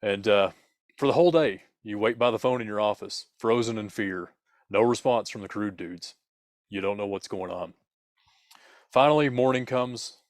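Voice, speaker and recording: A man tells a spooky story in the second person, playful and dramatic, with fillers. His voice sits low. The recording is dry and close. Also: moderate pace, no room sound. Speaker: podcast co-host telling a story.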